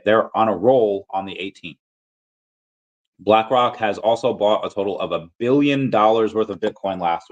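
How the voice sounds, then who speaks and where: A man giving casual solo commentary as a video creator, chatty and animated, reading out posts and shout-outs with frequent fillers and laughs. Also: lowish voice, poor audio. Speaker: crypto and collectibles video creator.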